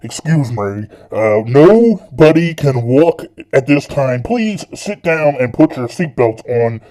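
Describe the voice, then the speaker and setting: A man doing a deep, stern airline pilot. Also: very animated, rough recording. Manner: deep, slow, loud announcement voice.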